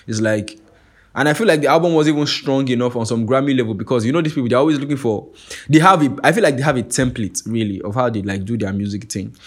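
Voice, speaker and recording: A young man with a Nigerian accent, hosting a podcast in a casual, animated, profane monologue. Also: mid-range voice, quick pace. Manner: animated and profane, keeps asking "you get what I'm saying". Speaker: podcast host.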